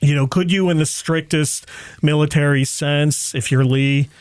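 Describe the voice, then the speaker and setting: A man speaks as a guest historian in a relaxed podcast chat indoors. He talks thoughtfully, hedges his points and fills pauses with "you know." The sound is dry, with little room tone. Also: on the high side, clean tone, no echo. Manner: thoughtful, hedging, many "you know" fillers. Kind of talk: casual podcast discussion. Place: indoor room with others present.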